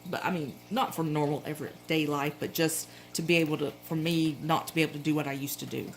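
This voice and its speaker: A middle-aged woman with a Southern accent talks in a low, easygoing voice. She chats and rambles, often stopping to correct herself mid-sentence. A faint hum sits underneath the recording. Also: steady tone, fast talker, poor audio. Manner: chatty, rambling, frequent self-corrections. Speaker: planner vlogger. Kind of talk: casual show-and-tell chat.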